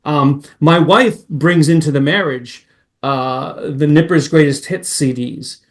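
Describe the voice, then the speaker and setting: A man who grew up in Massachusetts, a podcast guest chatting casually and jumping between memories with excited asides. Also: fairly high pitch, takes it slowly. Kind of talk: casual chat.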